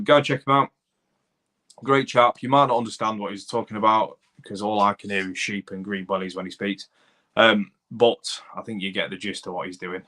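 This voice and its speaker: A man's voice: lowish voice, a bit bright. A man with a Lincolnshire accent hosting a casual live stream, chatting matily to viewers and reading their comments with plenty of fillers. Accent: English, Lincolnshire. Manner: chatty, matey, rambling with fillers. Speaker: YouTube channel host reading live chat.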